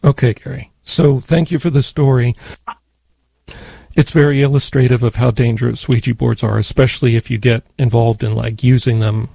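A man on a call-in radio show speaks in a gravelly, husky voice with a dark, mellow tone. He explains things calmly and carefully to a caller. The sound is dry and close to the mic. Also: medium pitch, normal speed, no echo.

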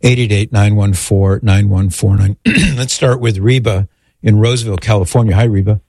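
Radio host guy, lowish voice, chatty, dry close mic. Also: steady tone, normal speed, gravelly, mellow, no room sound. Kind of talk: call-in radio talk.

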